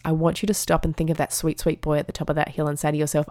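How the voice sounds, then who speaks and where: A woman in her thirties hosting a podcast, telling a motivational story with animated delivery and acting out the dialogue in different voices. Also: fairly low pitch, moderate pace, dry recording, studio quality. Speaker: podcast host.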